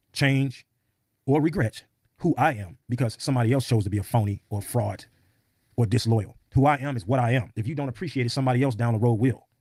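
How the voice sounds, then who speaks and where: A man's voice: medium pitch, a little mellow, dry recording. A man in an interview, telling a story in a blunt, emphatic, often profane way. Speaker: podcast guest.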